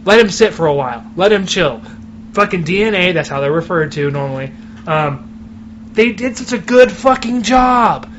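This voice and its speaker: A man's voice: sits high, lively intonation, normal speed, fairly bright tone. A man co-hosting a podcast in casual chat, ranting with heavy swearing. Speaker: podcast co-host. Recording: muffled recording with clear background noise.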